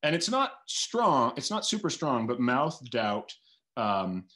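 A man's voice: mid-range voice, big pitch swings, takes it slowly, pushed and bright. A man, a guest author talking casually and animatedly in an interview, thinking aloud with lots of filler words.

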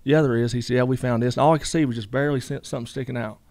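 A man's voice: medium pitch, steady tone, racing, a little mellow, dry recording, studio quality. A middle-aged man, telling a story casually in a rambling way, full of fillers and quoted dialogue. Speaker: guest.

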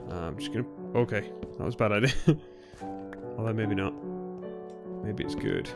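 A young man giving nervous, excitable commentary on a game he is playing, often bursting into shouts. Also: lowish voice, normal speed, music in the background. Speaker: gaming YouTuber. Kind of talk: Let's Play commentary.

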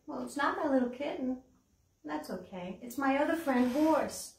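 A woman librarian leading a children's story time with songs, talking in a slow, gentle sing-song way. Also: high voice, animated, recorded from a distance. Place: library room. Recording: echoey room, away from the mic.

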